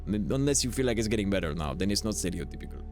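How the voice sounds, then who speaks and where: A man streaming a game, talking to chat in a quick, jokey, chatty way. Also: on the low side, lively intonation, darkish tone, soft background music. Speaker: gaming streamer. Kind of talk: live game commentary.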